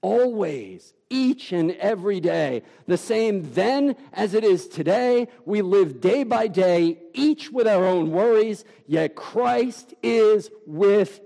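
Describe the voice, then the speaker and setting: Male pastor, unhurried emphatic sermon delivery, dark mellow tone. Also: sits high, expressive, vocal fry, long reverb tail. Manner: emphatic, deliberate preaching with dramatic pauses.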